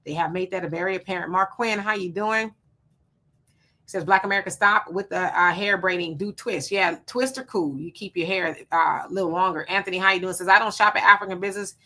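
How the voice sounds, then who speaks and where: A woman hosting a casual livestream, reading viewer comments aloud and giving quick, relaxed replies. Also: on the low side. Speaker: livestream host.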